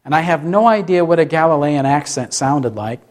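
Male pastor, fairly high voice, preaches in a sermon style with questions and quick acted-out lines. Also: expressive. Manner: asks questions and acts out short quotes.

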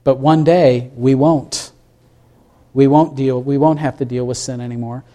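A man's voice: mid-range voice, fairly even intonation, measured pace, warm tone. A man preaching a sermon, reading scripture and asking the congregation questions as he explains it. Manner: asks the congregation questions, reads scripture aloud. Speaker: pastor.

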